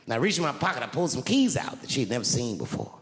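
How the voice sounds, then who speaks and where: A man doing live stand-up storytelling on a large theater stage. He is animated and swings from shouting to hushed, confiding asides. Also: medium pitch, very fast. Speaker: stand-up comedian. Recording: big hall echo with audience laughter. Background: audience laughter.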